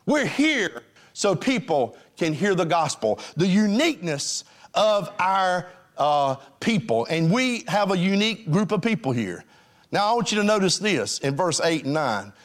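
A male pastor preaching a sermon to his congregation in a folksy, direct way. His voice sits high and leaps about, rising to emphatic peaks and dropping to hushed lows. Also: unhurried. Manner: animated preaching, swinging between high emphatic lines and low hushed ones.

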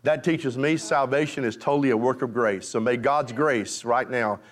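A male pastor preaching a revival sermon, fervent, jumping from shouts to hushed pleading, with folksy call and response to the congregation. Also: mid-range voice, moderate pace.

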